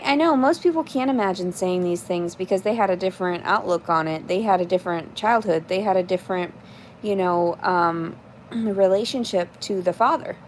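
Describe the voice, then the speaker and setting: Woman on a livestream, blunt and sweary, rambles through her chat, average pitch, bit of faint noise behind. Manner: blunt, profane, rambling, answers chat aloud.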